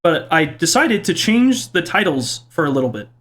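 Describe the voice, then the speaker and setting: A man's voice: big pitch swings, fairly bright tone. A young man casually reading out and joking about viewer comments in his video, with a playful, self-mocking manner. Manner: playful, self-mocking, quick swings in pitch. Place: home kitchen.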